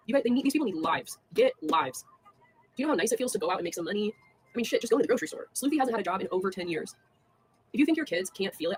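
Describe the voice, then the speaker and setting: A young woman on a casual livestream, talking fast with lots of fillers, scornful and laughing between jabs at people. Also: mid-range voice, darkish tone, slight background noise.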